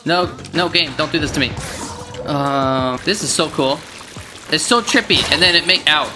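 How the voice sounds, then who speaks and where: A gaming video creator commentates on their own gameplay in a medium-pitched voice, excitably yelping, groaning and bursting out at what happens in the game. Game music plays in the background.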